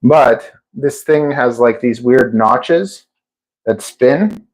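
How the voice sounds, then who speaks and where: Male streamer, casual and rambling, average pitch, at home. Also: extremely slow, poor audio. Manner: chatty, rambling, often restarts sentences and laughs at himself. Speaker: streamer and drone builder. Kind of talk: casual live-stream chat. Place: indoors at home, near a kitchen sink.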